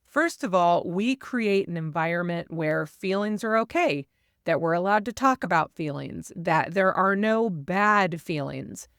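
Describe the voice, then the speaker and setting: Woman, parenting podcast host, smooth clear voice, dry close sound, calm explaining tone. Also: on the low side, measured pace, dry recording. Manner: calm, explanatory, sometimes animated when modeling phrases. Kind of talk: advice monologue.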